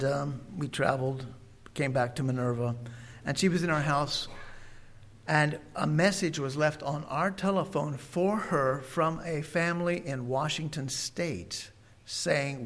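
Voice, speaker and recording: An older man, a preacher, telling a personal story in a folksy, unhurried way with many pauses and fillers. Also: a little high, fairly bright tone.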